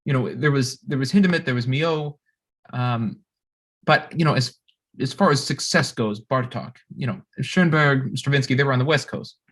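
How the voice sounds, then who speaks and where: A young composer talks through a music history presentation. His voice sits at a middle pitch, and he stops often, repeating words and filling gaps with "um" and "uh" as he thinks aloud. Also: a bit bright. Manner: halting, many fillers and restarts. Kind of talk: recorded lecture presentation.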